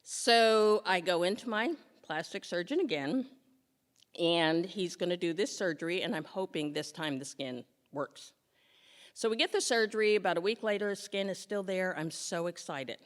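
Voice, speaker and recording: Animated woman telling a funny story. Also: moderate pace. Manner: animated, jumps into high squeals for quoted lines. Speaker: storyteller on stage. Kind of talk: humorous personal storytelling. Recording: long hall reverb.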